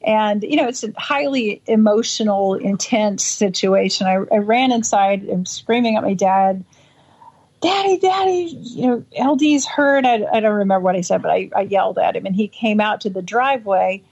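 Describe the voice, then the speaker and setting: A woman interviewed about a childhood memory, talking in halting bursts with many restarts and acting out the voices she quotes. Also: mid-range voice, fairly even intonation, gravelly, a little mellow. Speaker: interview guest. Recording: dull lo-fi audio.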